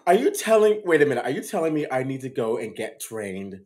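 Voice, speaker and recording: A man's voice: medium pitch, fast, a little hiss or hum. A man co-hosting a theater podcast in casual, playful chat, laughing often. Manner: playful, giggly, animated. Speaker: podcast co-host, former accent teacher.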